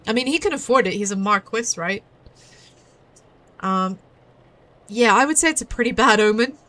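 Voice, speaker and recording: A woman streams a horror puzzle game, talking casually and joking about the characters. Her voice is bright and lifted a little high. She keeps up a playful, chatty commentary. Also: expressive, normal speed, no room sound. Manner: chatty, playful, giggly asides. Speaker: VTuber streamer.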